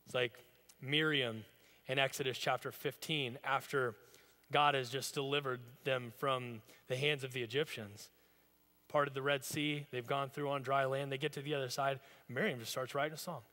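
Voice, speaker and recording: Bright-voiced male pastor preaching. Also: medium pitch, steady tone, normal speed, in a large hall. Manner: conversational, storytelling preaching. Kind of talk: sermon. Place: church sanctuary.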